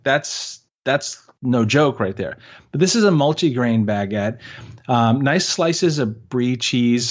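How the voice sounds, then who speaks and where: A man's voice: medium pitch, dull audio. A man co-hosting a travel podcast, chatting casually in a joking, playful way with lots of fillers and restarts. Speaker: podcast co-host. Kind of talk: casual chat.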